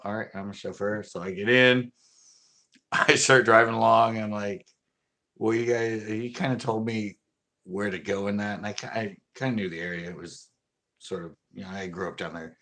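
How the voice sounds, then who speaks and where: A man's voice: lowish voice, moderate pace, pauses often. A man hosting a casual livestream, telling a story from his youth in a rambling way with frequent laughter. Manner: laughing often, animated and rambling. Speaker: channel host.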